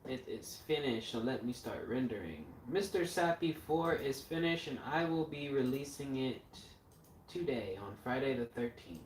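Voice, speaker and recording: A horror filmmaker hosts a casual livestream chat in a medium-pitched, expressive voice at normal speed, rambling and swearing freely. The mic is set back and far from him, giving a roomy echo with faint noise.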